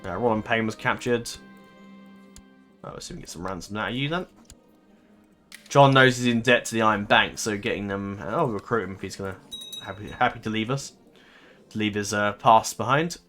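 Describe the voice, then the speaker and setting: Bright-voiced man rambling over gameplay. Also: lowish voice, fairly quick, long pauses, soft background music. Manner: rambling, thinks aloud, swears and laughs easily. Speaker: gaming commentator. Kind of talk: casual let's-play commentary.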